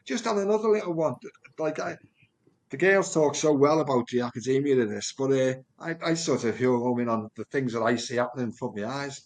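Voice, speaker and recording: A man, a project manager telling earnest stories from his work in a conversation. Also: mid-range voice. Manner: earnest, animated storyteller with quick repeats. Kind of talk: storytelling in conversation.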